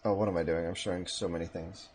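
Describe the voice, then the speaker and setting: A man casting a live strategy game match from home, with a relaxed, chatty manner and casual asides. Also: low voice, quick pace, slight background noise. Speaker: esports caster. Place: home room.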